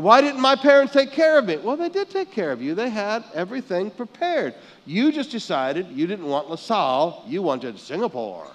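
A male pastor from the Philippines preaching a sermon, swinging from hushed lines to loud ones and calling on the congregation to answer back. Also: high voice. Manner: calls out for congregation responses.

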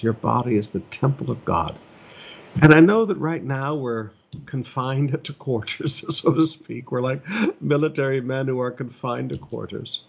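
Gravelly male pastor preaching earnestly. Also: mid-range voice, highs cut off. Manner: earnest, conversational preaching with emphatic rises. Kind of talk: sermon.

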